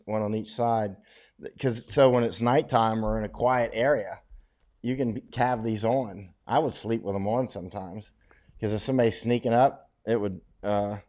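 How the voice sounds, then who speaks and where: The voice is a middle-aged man's, fairly low in pitch and darkish. Hosting a casual livestream, he reads viewer questions and gives opinionated, rambling answers, often restarting.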